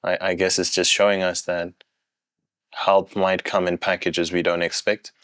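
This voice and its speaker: A man hosting a podcast, asking measured questions and humming along as he listens. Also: low voice, flat delivery, a bit bright, clean tone, no room sound. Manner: measured, frequent back-channel hums. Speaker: podcast host. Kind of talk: podcast interview.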